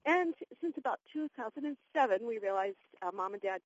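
A woman's voice: a little high, animated, a little fast, husky, highs cut off. A woman calling in to a radio show from a schoolyard, telling tender family stories while laughing and getting choked up. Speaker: caller. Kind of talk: phone-in storytelling.

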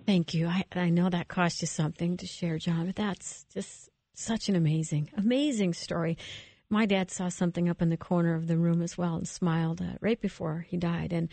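Low-voiced woman hosting an interview. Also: steady tone, normal speed, gravelly, mellow, no echo. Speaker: interviewer host. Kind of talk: interview questions and reflection.

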